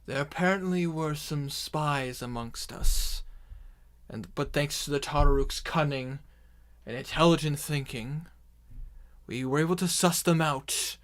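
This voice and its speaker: A grand, self-important orc herald, put on by a man in a tabletop game, speaking a little above his natural pitch. He stretches each proclamation out slowly and lets it hang over the crowd. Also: fairly bright tone. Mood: proclaiming. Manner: slow, drawn-out proclamations. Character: male orc herald addressing a crowd, pompous.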